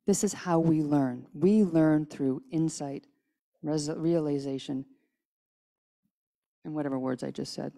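Low, gravelly woman preaching casually. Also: unhurried, long pauses, warm tone. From United States. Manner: casual, chatty, with restarts and acted-out quotes. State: tired from little sleep. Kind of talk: conversational sermon. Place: church sanctuary.

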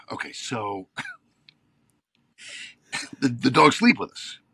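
A man's voice: medium pitch, extremely slow, vocal fry, slightly rough, no echo. A man in his fifties, an actor and podcast guest, telling stories in casual chat and getting worked up as he goes. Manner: animated storyteller, gets worked up.

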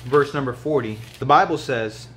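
A man preaching a sermon to other men, swinging from hushed, low lines to loud, pleading highs. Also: moderate pace, slight background noise.

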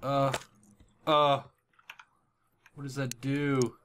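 A young man commentating a horror game at his computer, swinging from hushed whispers to panicked yelps and swearing. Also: mid-range voice, flat delivery, very slow, slight background noise. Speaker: gaming channel host. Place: at home at a computer with headphones on.

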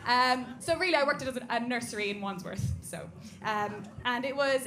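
An Irish woman performing a stand-up comedy set on a club stage, mostly deadpan, with sudden loud punchlines. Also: high voice, moderate pace, few pauses, soft background music. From Ireland. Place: comedy club stage before a live audience. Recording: live club recording with audience noise.

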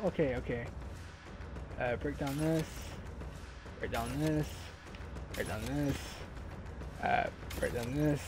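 A man streaming a video game live, commenting as he plays, with loud excited outbursts and swearing. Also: mid-range voice, slow, long pauses, a little hiss or hum. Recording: game music behind. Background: game music.

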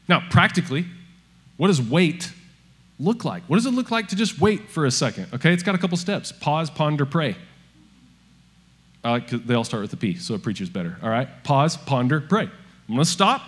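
A male pastor, preaching a sermon in a lively, conversational way with frequent asides to the congregation. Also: mid-range voice. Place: church auditorium. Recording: long hall reverb with faint music.

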